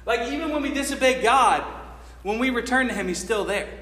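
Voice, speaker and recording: Man, very high bright voice, casual slangy sermon, acts out quotes, echoey church hall. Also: brisk. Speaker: preacher. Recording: echoey hall with long reverb.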